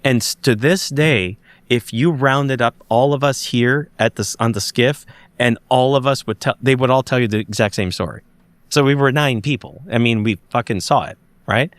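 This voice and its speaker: A man's voice: medium pitch, moderate pace, dry recording. Emphatic man recounting a sighting. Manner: emphatic storyteller, many restarts and searching for words. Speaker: guest; investigator. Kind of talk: recounting a personal sighting in a podcast interview.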